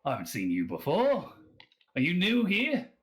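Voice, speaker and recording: A man with an Australian accent voicing a loud, rowdy, drunk bearded man in a tavern. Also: huge pitch swings, normal speed, exaggerated voice. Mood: boisterous. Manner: loud, hollering, high-pitched.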